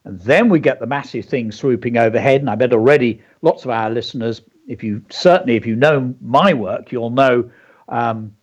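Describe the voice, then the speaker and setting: Husky guy teaching kids story writing on the radio, goes through his example bit by bit, kinda muffled audio. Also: mid-range voice, moderate pace. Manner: walks through a story example step by step, reading lines aloud. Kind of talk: explaining creative writing to children on radio. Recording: dull lo-fi broadcast audio.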